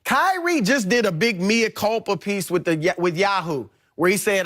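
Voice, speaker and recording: A middle-aged man, a sports debate panelist, laying out his case in a measured, explanatory way. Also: high voice, animated, a bit bright. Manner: measured, explanatory, with frequent restarts.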